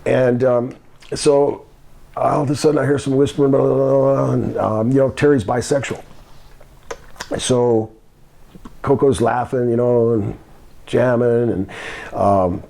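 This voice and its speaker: Gravelly older man telling wrestling stories. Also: medium pitch, dark tone. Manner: rambling, laughing anecdotes. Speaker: guest, former pro wrestler. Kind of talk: shoot interview storytelling.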